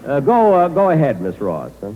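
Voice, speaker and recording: A man hosts a 1940s radio comedy with a lively, rather high voice, stalling with "uh"s and sounding put-upon. The old broadcast is muffled and hissy. A long hall reverb trails every line. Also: moderate pace. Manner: hesitant, exasperated, with many "uh"s. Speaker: comedian host. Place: live show before troops in a hall.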